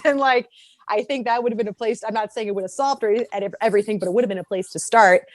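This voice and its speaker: A woman talking casually on a podcast, animated and laughing often as she breaks down a character. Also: mid-range voice, fast, dry recording. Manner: animated, laughs often, acts out quoted voices. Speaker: podcast co-host. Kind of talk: casual fan discussion.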